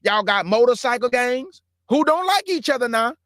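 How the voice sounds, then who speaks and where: A man's voice: very high-pitched, lively intonation, normal speed, a bit bright, dry recording, clean studio sound. A man hosting his own show, talking straight to viewers in an earnest, impassioned monologue and calling them family and brother. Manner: earnest, addresses listeners as family and bruh; grows heated and emphatic. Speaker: show host.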